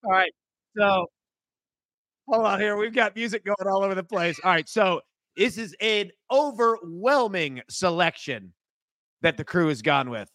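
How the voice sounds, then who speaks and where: A man's voice: measured pace, fairly bright tone, no room sound, studio quality. A man co-hosting a sports betting show, talking casually and conversationally as he lays out picks and promotions. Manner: laid-back, conversational, pitchman. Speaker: co-host and betting analyst.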